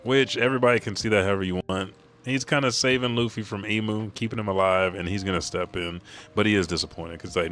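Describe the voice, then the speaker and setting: A man's voice: on the low side, steady tone, a little fast, fairly bright tone, faint music behind. A man casually reading a comic aloud with offhand, profane commentary. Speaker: manga reader and commentator.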